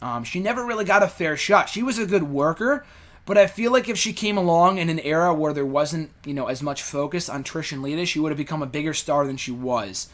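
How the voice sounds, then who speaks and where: A man's voice: fairly high pitch, fairly quick, fairly bright tone. A young man hosting a casual show, rambling through fan questions with lots of fillers and blunt opinions. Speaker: host answering fan questions. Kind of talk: casual chat.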